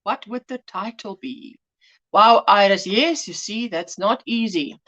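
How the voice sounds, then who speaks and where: Speaking through her phone, a South African woman with a medium-pitched, bright, forceful voice chats unhurriedly on her casual crochet livestream. She greets her viewers and reads their comments out loud.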